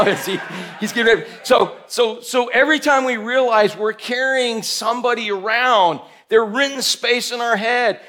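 A man preaching a sermon, running a hands-on demonstration with volunteers and firing questions at the congregation. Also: high-pitched. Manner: animated, coaxing volunteers, calling out questions to the room. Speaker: pastor.

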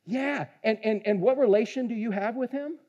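A man preaching a sermon, animated, swinging from hushed lines to shouting and joking with the congregation. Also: very high-pitched, normal speed, dull audio. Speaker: pastor.

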